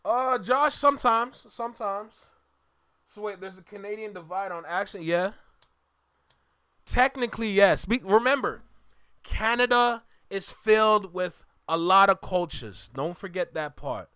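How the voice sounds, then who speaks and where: A man from Jamaica with a Jamaican accent, hosting a reaction video and chatting casually to viewers in an animated, repetitive way. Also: sits high, measured pace, clear, resonant tone, dry recording, studio quality. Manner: animated, repeats himself, talks to viewers directly.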